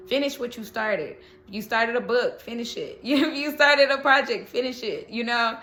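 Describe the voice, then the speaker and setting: A woman with a slightly high voice gives a casual tarot reading. She talks in a chatty, encouraging way and laughs often. The room around her is echoey. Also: normal speed, pushed and bright. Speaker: tarot reader.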